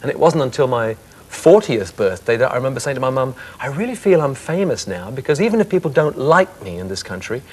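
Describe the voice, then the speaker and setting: A man in his fifties, a singer guest on a chat show, reflecting candidly on his career in a thoughtful, soft-spoken way. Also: medium pitch, very animated, fairly quick, breathy edge.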